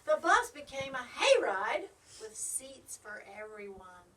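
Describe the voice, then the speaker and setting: A woman reading a rhyming picture book aloud in a sing-song, animated way, in a school library. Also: sits high, a little slow, slight background noise. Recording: distant mic.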